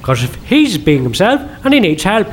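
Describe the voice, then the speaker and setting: A man's voice: high-pitched, big pitch swings, normal speed, slight background noise. A man playing a sly, swearing detective, teasing in a comedy sketch. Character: cheeky, foul-mouthed detective, sly mischief-maker.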